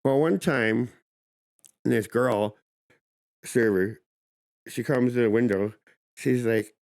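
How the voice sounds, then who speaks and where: A man's voice: mid-range voice, measured pace, gravelly, pauses often, a little mellow. A man, a chef, chatting casually on a podcast, laid-back, laughing often and swearing casually.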